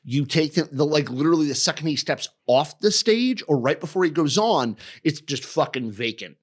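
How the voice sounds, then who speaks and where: Male podcast co-host, a bit higher voice, swears constantly, blunt and emphatic. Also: lively intonation, normal speed. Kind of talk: casual chat.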